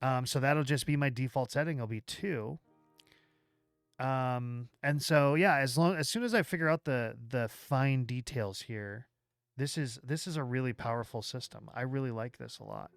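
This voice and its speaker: Smooth-voiced man thinking aloud on stream. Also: medium pitch, no room sound, clean studio sound, faint music behind. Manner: thinking aloud, halting with restarts; chats with viewers while working. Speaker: livestream host. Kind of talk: live software walkthrough.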